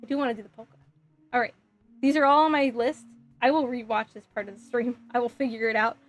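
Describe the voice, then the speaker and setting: A woman with a slightly high voice chats casually on a live stream from home, giggling often and thinking out loud as she reads comments. Faint music plays quietly behind her. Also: steady tone, fast. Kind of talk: casual live-stream chat, reading chat aloud.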